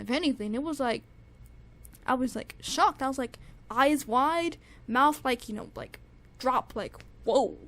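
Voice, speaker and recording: A young woman with a high voice reviews music in a casual, gushing way. She repeats herself, stacks up fillers and restarts, and keeps circling back to how amazed she is. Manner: gushing, repetitive, lots of "like" and restarts.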